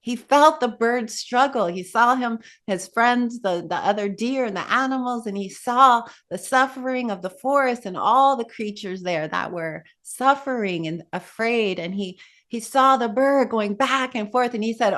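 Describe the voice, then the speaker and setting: A woman meditation teacher telling a Buddhist tale in a dharma talk, in an animated way with asides to her listeners. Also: on the high side, measured pace.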